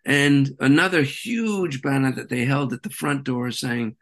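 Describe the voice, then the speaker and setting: A man being interviewed as a guest, recounting events in an animated, rambling way. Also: medium pitch, measured pace, creaky. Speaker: interview guest, peace activist. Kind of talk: conversational interview.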